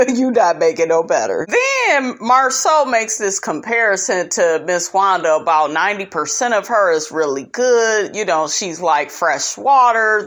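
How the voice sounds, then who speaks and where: Sassy woman recapping with lively pitch. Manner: sassy, animated, calls people honey and child. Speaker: reality show recap host. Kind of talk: casual recap commentary.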